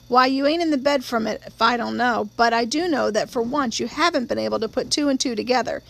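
A woman's voice: on the high side, creaky. A woman voicing a blunt, stubborn male small-town sheriff in his forties who talks in a plain-spoken drawl.

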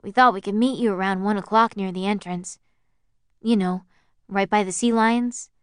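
A woman doing a nervous teenage boy, pitched a little higher and louder as he pleads and coaxes. The voice is smooth and dry. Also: steady tone, moderate pace, dry recording, lightly acted. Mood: eager. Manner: earnest, pleading, slightly raised voice.

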